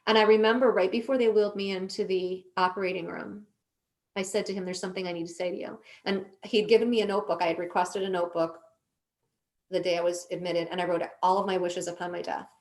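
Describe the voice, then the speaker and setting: Earnest woman telling a slow personal story. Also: mid-range voice, steady tone, darkish tone. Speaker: podcast guest.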